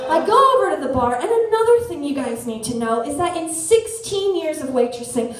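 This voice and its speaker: A woman in her thirties telling a story on a theater stage, animated and self-mocking. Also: sits high, recorded from a distance. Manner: animated, self-mocking, quick shifts into voices. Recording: echoey theater, voice from afar.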